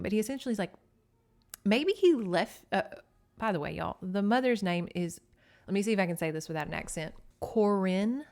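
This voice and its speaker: A woman's voice: medium pitch, a little mellow. A woman with a Southern US accent hosting a podcast, recapping a book in a chatty, sarcastic way full of asides. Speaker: podcast host.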